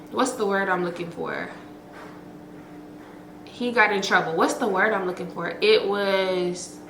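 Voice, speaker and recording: A woman's voice: mid-range voice, roomy sound, slight background noise, low-quality recording. A woman vlogger telling a story to her viewers in a chatty, slangy, profane way, full of fillers and acted-out quotes. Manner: expressive, acts out quotes.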